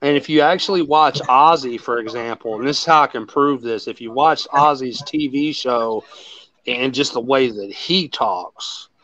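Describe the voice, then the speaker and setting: Over muffled audio, a host with a mid-range voice talks at a normal speed. His casual chat rambles, full of swearing and lively storytelling.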